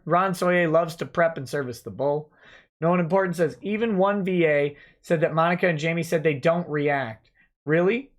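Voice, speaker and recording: A man hosting a casual livestream, reading out viewer chat messages and answering them offhand as a lawyer. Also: on the high side. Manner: reads chat messages aloud and replies offhand.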